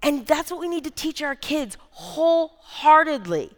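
A woman in her thirties delivers an earnest sermon in a high voice, leaning hard on repeated phrases. She speaks at an unhurried pace, and her words ring with the long reverb of a large church hall. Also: very animated. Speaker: speaker preaching.

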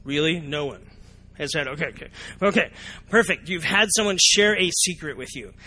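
A man preaches a sermon from the front of a church. His voice sits a little high and sounds bright and forward. He keeps things lively, putting questions to the congregation and acting out their reactions. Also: moderate pace. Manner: animated, asks the congregation questions, acts out reactions. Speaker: pastor. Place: church sanctuary.

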